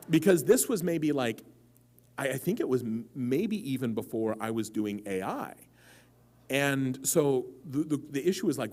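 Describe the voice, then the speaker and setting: A man in his forties talks to a big convention audience through a microphone, joking and swinging his voice up and down as he acts out little scenes. His pitch sits in the middle, and there is a faint hum under the live room sound. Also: moderate pace. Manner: jokey, animated storytelling with quoted voices. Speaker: author at a convention panel. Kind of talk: live stage talk and Q and A. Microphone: handheld or stand mic.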